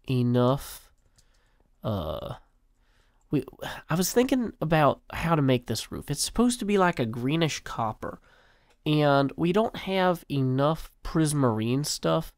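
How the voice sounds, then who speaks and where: A man's voice: medium pitch, big pitch swings, slow pace, no echo, studio quality. Chatty 40s guy rambling over his gameplay, self-mocking, bouncy up-and-down voice. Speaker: game video host. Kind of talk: casual gameplay commentary.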